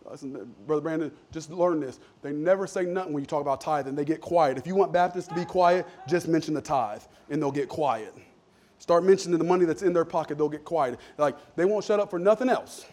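A man pastor preaching a sermon, calling for amens and swinging between loud emphatic lines and low asides. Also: a little fast. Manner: call-and-response preaching, asks for amens.

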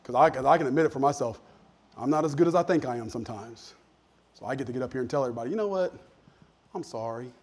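A man preaching a sermon as a pastor, talking in a conversational way that sinks to soft asides and climbs to emphatic points. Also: medium pitch, steady tone, very fast, breathy edge.

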